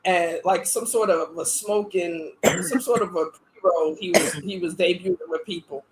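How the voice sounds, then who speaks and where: A woman's voice: fairly low pitch, steady tone, moderate pace, slight background noise. A woman podcast host telling a story in casual, profane chat, animatedly acting out the other people in it.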